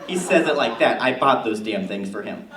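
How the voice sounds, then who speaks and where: A man's voice: medium pitch, animated, normal speed, pitched below the performer's own voice, lightly acted. A man voicing a brash, gossipy middle-aged suburban mom in a stand-up bit, chatty and rambling, recorded in an echoey room with a far-off mic and noise. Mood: brassy gossip. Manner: chatty, rambling, loud and oblivious.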